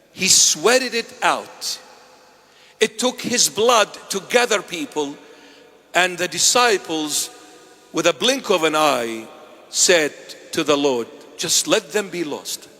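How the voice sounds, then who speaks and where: A man delivering a sermon as a bishop, his voice sitting high for a man. He moves between loud declarations and hushed asides and acts out quoted dialogue. His words ring out with a long reverb from the church around him. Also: animated, takes it slowly. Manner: preaching with sharp rises and drops in loudness.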